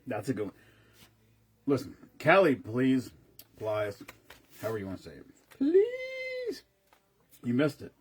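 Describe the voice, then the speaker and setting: A man's voice: mid-range voice, animated, fairly quick, long pauses, slightly rough. A man casually chatting on a live stream, rambling between stories and greeting viewers by name as he mixes drinks.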